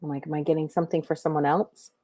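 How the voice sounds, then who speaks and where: A woman's voice: low voice, little pitch movement, fast talker, mellow, dry recording, studio quality. A middle-aged woman hosting a livestream, chatting casually with viewers and giving intuitive readings, rambling with many fillers and restarts.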